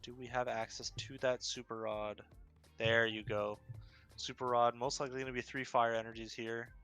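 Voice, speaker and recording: A man's voice: medium pitch, flat delivery, moderate pace, fairly bright tone, clear, resonant tone, faint music behind. A man casting an online card game tournament, breaking down plays in an upbeat, analytical way. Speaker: esports caster. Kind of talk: casual game commentary.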